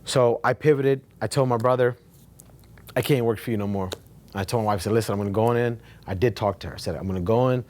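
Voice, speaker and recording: Animated man telling his own story. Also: on the low side, fast. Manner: animated, swears casually, repeats himself for emphasis. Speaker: real estate agent sharing his story. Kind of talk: casual storytelling talk at a meetup.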